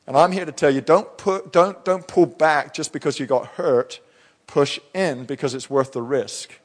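A man's voice: fairly high pitch, moderate pace. Middle-aged guy pastor preaching in church, chatty storytelling, lots of restarts. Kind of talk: sermon.

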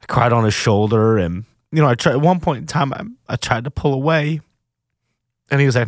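A man hosting a personal recovery podcast, speaking in an earnest, halting, confessional way, emotional and near tears. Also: mid-range voice, no echo, studio quality. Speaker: podcast host.

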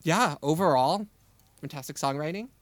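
A man's voice: on the high side, animated, normal speed. A man co-hosting a podcast, casually and keenly picking apart song arrangements and melodies, with lots of "like" and "um" fillers. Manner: enthusiastic, analytical, many fillers. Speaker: podcast co-host. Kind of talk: casual music analysis chat.

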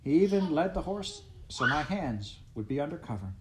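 A man reading aloud and voicing a pleasant, cheerful young pioneer wife who chats brightly. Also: fairly high pitch, very animated, normal speed, background noise, pitched above the performer's own voice.

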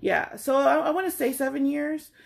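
A woman's voice: high voice, expressive, normal speed, gravelly. A middle-aged woman in a casual chat, animatedly retelling a frustrating errand and mimicking the other people's lines with exasperation.

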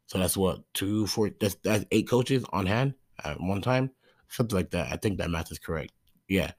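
Low rambling young man telling a story. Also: moderate pace, no room sound, clean studio sound. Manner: rambling, loses his thread, lots of fillers like "you know what I mean". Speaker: youth soccer coach. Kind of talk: casual storytelling monologue.

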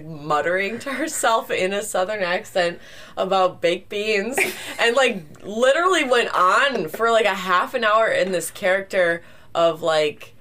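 Slow-talking woman, amused co-host. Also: medium pitch, lively intonation, a bit bright, a little hiss or hum. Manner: amused storyteller, laughing often. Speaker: podcast co-host. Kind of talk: casual chat.

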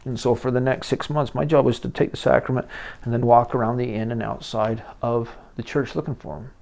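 A middle-aged man hosting a podcast, telling candid personal stories in a rambling way that gets animated as he goes. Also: medium pitch, a little fast, gravelly. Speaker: podcast host. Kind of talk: personal storytelling monologue.

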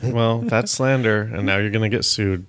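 A man's voice: on the low side, steady tone, moderate pace, fairly bright tone, no echo. A man co-hosting a comedy podcast, teasing and arguing his points with dry wit. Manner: wry, argumentative, teasing. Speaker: podcast co-host. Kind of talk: casual comedic banter.

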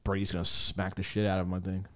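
A man's voice: low voice, completely flat delivery, quick pace. A man co-hosting a casual sports podcast, joking around and laughing often. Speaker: podcast co-host.

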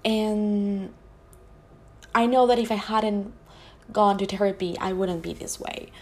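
A woman hosting a podcast, talking earnestly and from the heart in a personal monologue, often halting and restarting her sentences. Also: medium pitch, steady tone. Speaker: podcast host.

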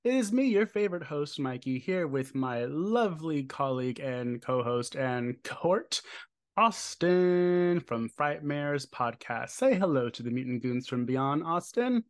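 A man's voice: on the high side, animated, unhurried. A man hosting a horror podcast, talking in a playful, jokey, rambling way. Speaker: podcast host. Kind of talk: casual chat.

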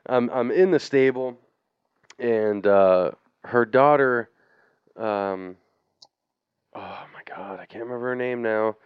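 A podcast co-host tells a long story in a rambling, profane, casual way, laughing as he goes. His mid-range voice is smooth and slow, with long pauses, and the podcast audio is dull and dry with no room sound.

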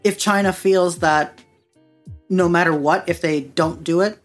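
A woman's voice: fairly low pitch, steady tone, a little slow, soft background music. A woman from the United States, a podcast guest, talking in a blunt, sarcastic way. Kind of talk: casual chat.

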